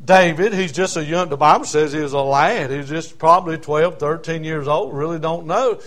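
A man's voice: fairly high pitch, moderate pace, fairly bright tone. A man with a Southern US accent preaching a folksy, fervent sermon, retelling a Bible story. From South Carolina.

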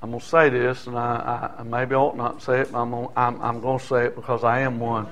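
A man's voice: medium pitch, level tone, fast talker, a bit bright. An older man preaching a sermon in a folksy, conversational way, often asking the congregation "Amen?". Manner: folksy, conversational preaching with call-and-response asides.

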